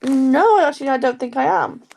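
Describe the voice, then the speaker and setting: A woman's voice: high-pitched, vocal fry, a little hiss or hum. Chatty Geordie woman, sore throat. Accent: Geordie (Newcastle). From Newcastle, England. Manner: chatty, expressive, quick to laugh. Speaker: podcast co-host. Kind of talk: casual chat.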